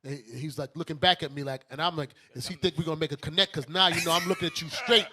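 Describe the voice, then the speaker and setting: A man from Brooklyn hosting a talk show, telling a story casually in an animated, joking way. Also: fairly high pitch, racing, background noise. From Brooklyn, New York. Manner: animated, joking, often laughs mid-story. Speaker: host and bishop.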